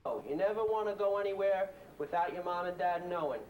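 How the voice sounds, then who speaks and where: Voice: mid-range voice, fairly quick, darkish tone, rough recording. A patient presenter coaxes a child through safety questions in an old instructional video. The voice sits mid-range, and faint noise lies under it. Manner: patient, coaxing, asks leading questions.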